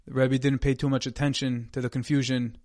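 An earnest man delivering a sermon as a dramatic story, his voice middle in pitch. The sound is dry and close, with no room around it. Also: little pitch movement, fairly quick, darkish tone, no room sound. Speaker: speaker giving a Torah talk.

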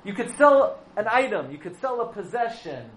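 A man telling a story in a sermon, with animated, dramatic delivery. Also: sits high, moderate pace. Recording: echoey room with faint background noise.

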